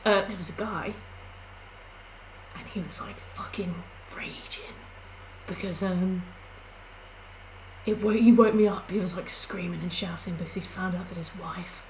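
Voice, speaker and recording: A woman's voice: lowish voice, fairly even intonation, normal speed, a little hiss or hum, poor audio. A young woman chatting casually on a live stream while she plays, rambling through stories with lots of fillers.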